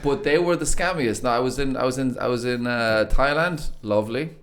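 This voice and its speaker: A man's voice: medium pitch, fairly quick, fairly bright tone. A man with an Irish accent, a podcast guest chatting casually and telling rambling, sweary stories with many restarts. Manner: rambling, sweary storyteller who restarts his sentences. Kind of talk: casual chat.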